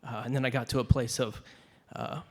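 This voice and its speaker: A man's voice: mid-range voice, level tone, fairly quick. Hesitant man sharing a story in a hall. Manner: hesitant, many "uh" fillers, emotional. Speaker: audience member sharing a story. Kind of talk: unscripted personal story. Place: large conference hall.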